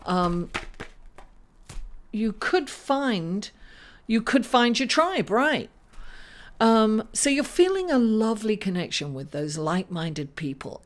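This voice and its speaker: A woman astrologer giving a casual horoscope reading, halting with fillers and calling the listener darling. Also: a little high. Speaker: astrologer doing tarot readings.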